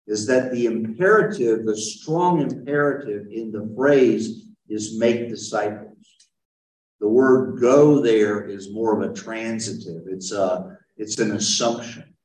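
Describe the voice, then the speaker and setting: A man's voice: lowish voice, a little mellow. A man who is a pastor, leading a conversational Bible study with a group and answering their questions as he explains. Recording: roomy, mic far from speaker.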